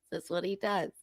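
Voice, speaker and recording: A woman's voice: fairly low pitch, no echo. A young adult woman hosting a casual livestream, gossiping, laughing and swearing freely. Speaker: livestream host.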